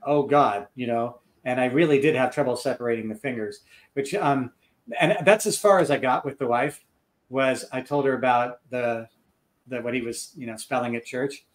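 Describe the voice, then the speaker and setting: A middle-aged man, a podcast guest and author, chatting casually and telling stories with lively acted-out quotes. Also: medium pitch, normal speed. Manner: animated storyteller acting out quoted voices. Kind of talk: casual chat.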